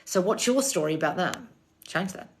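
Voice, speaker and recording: A woman's voice: lively intonation, normal speed, creaky, a little hiss or hum. A woman in her thirties hosting a livestream, reading out viewer comments and answering them bluntly, swearing freely and calling people darling. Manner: high squeals when greeting viewers. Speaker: manifestation coach hosting a livestream.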